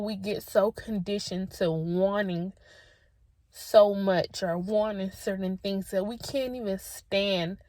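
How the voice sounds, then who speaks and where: A woman's voice: medium pitch, a little mellow, no room sound. A young woman talking to her viewers on camera, sharing heartfelt personal advice in an earnest, emotional way. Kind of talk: spontaneous heartfelt talk to camera.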